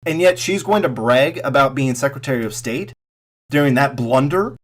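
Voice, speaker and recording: A man giving an angry, profane political rant straight to camera, sarcastic and mocking, swinging between loud outbursts and muttered asides. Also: mid-range voice, expressive, moderate pace. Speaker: political commentary vlogger.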